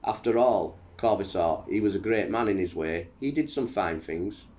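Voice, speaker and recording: A man with a low voice reading the lines of a jovial, mocking male emperor in a read-aloud history passage, his pitch slightly raised. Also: animated, moderate pace, a little mellow, close to an everyday voice. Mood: teasing.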